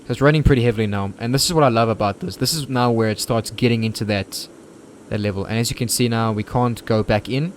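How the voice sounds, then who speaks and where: Relaxed male gamer talking through a playthrough; easygoing, unpolished. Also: medium pitch, fast, a little hiss or hum. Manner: laid-back, swears casually. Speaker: gaming YouTuber. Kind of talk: casual game walkthrough commentary.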